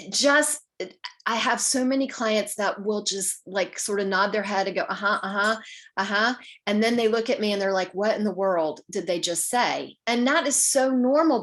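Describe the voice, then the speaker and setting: A woman's voice: mid-range voice, fairly bright tone. Woman, advocate giving a community talk, conversational, practical, acts out little dialogues. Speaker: patient advocate speaker. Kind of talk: informal talk to community group.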